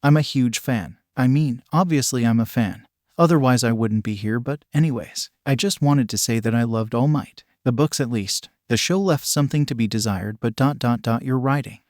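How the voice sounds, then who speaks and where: A man's voice: medium pitch, normal speed, darkish tone, no room sound, natural voice. A man reading the lines of a nervous young male fan who rambles and apologizes, in a dry recording.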